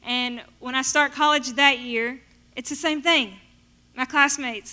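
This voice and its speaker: High bright woman telling her testimony. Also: measured pace. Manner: animated storytelling, acting out her past self in quotes. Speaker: speaker sharing a testimony. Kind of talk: personal faith testimony.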